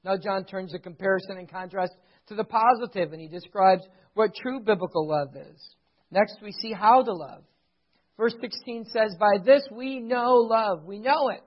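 A man preaching a sermon, swinging from loud emphasis down to hushed, intimate passages. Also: sits high, normal speed, husky, highs cut off. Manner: dramatic swings from loud emphasis to near-whisper; acts out dialogue of a retold sitcom scene.

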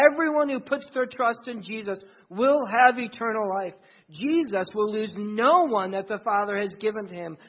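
A man preaches as pastor, his high-sitting voice a little husky and breathy. Key phrases get repeated with force to press his message, and the recording is dull and lo-fi.

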